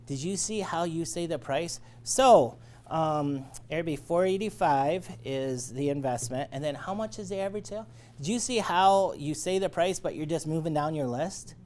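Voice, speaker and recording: A man's voice: on the high side, normal speed, darkish tone. Male sales trainer, training lecture, coaching, conversational. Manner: coaching, checks in with "all right?".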